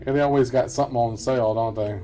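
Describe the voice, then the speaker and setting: A man's voice: medium pitch, fairly even intonation, fast talker, mellow, soft background music. A middle-aged man chatting casually and ramblingly over gameplay, often chuckling to himself. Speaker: gameplay commentator. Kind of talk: casual let's-play commentary.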